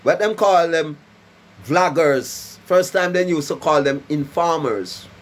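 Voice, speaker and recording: Styling himself a prophet, this man delivers a preaching monologue to a live stream in a slightly high voice at a slow pace, with a faint hiss or hum in the audio. He issues forceful warnings, leaning on rhymes, repetition, and frequent "right?" checks.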